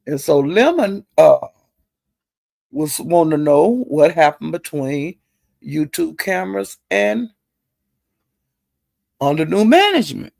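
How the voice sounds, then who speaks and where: A middle-aged woman telling gossip in a chatty, salty way, calling listeners honey and girl and jumping her pitch up high when she quotes people. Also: slow, vocal fry, pauses often, no echo. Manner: animated, jumps her pitch up high when quoting others. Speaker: online commentator. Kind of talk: casual gossip storytelling.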